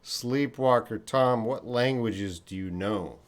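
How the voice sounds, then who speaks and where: A man's voice: medium pitch, slow pace. A Canadian man hosting a casual English-learning live stream, reading viewer comments aloud. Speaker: host.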